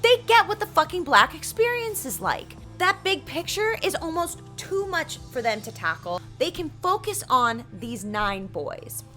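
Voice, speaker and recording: A woman hosts a history show in a bright, somewhat high voice, telling the story like a lively, casual chat. She swears freely and slips into funny voices for the people she describes. Faint music plays behind her. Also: measured pace, few pauses. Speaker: host.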